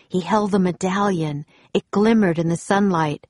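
A woman reading a children's adventure story aloud in a calm, steady manner. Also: lowish voice, measured pace, few pauses, no echo, clean studio sound.

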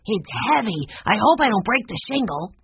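A woman voicing an eager, excitable young boy exploring, in an audiobook reading. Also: mid-range voice, creaky, breathy edge, no echo, highs cut off, voice pushed up, heavily acted. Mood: excited. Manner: excited, breathless, quick exclamations. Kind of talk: audiobook character voice.

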